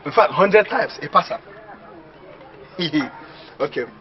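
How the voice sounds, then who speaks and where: Man as a bragging villager, Nigerian Pidgin accent, high voice, muffled film sound with faint hiss. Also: slow pace. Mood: boastful. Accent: Nigerian Pidgin English. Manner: boastful, excitable, laughing often. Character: boastful young village man, excitable dreamer. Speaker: villager dreaming of going to the city. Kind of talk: comedy film acting.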